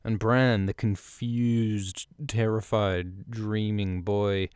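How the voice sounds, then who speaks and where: A podcast host, male, with a low and smooth voice, chats his way through a book chapter with loose, joking enthusiasm. It's recorded close and dry on a studio mic, with no room sound. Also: flat delivery, very slow, a little mellow, no room sound. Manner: irreverent, swearing, enthusiastic. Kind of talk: casual book-chapter recap.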